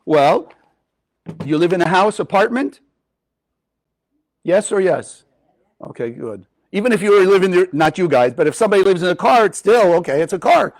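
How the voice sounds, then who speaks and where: A man giving a spiritual Kabbalah teaching to a live group, lively and often asking his listeners questions. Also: sits high, moderate pace. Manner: animated, asks the audience questions.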